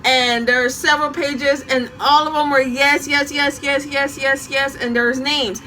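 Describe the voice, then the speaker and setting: A young woman casually telling a story from her school days, animated and often laughing. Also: sits high, a little slow, poor audio.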